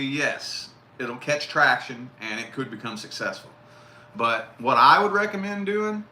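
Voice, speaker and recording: Blunt male tarot reader, bright tense voice, roomy echo; casual and profane. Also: on the high side. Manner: blunt, profane, repeats key phrases. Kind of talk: casual live tarot reading. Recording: roomy echo with faint noise.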